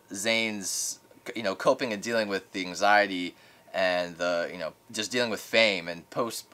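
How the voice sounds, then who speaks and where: A young man hosting radio, giving an excitable casual reaction to an album in a studio as he rates each track. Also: medium pitch. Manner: excitable, rates tracks in flames, laughs often. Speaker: radio host reviewing an album. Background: music playing.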